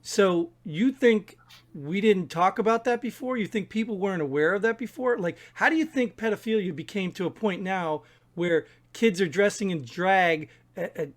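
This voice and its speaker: High-voiced argumentative man. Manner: argumentative, rapid bursts. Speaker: podcast co-host. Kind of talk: casual discussion.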